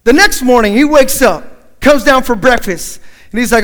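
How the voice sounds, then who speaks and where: A man's voice: extremely high pitch, normal speed. A man preaching a sermon, quoting scripture and then telling a story with acted-out dialogue. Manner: animated storyteller acting out dialogue.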